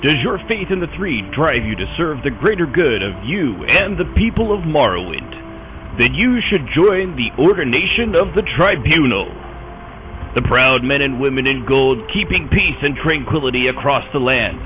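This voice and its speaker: A man voicing a solemn military recruitment ad announcer in a mock radio commercial, with a grand, rousing sales pitch. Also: sing-song, moderate pace, fairly bright tone, soft background music, poor audio.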